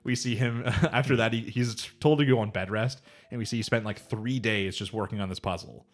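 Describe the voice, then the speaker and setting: Brief: man, rapid casual podcast recap, low voice, acts out lines. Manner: animated retelling, acts out characters' lines; frequent swearing and laughing. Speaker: podcast co-host. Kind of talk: casual anime recap chat.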